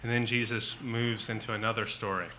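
A man preaching a sermon, slow and emphatic, rising to loud pleading at times. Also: fairly low pitch, flat delivery, a little hiss or hum, rough recording.

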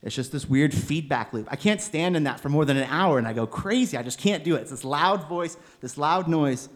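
A young man preaching a sermon in a gentle, conversational way, with bursts of emphatic exasperation. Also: fairly high pitch, expressive, a little fast. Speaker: preacher, seminary student.

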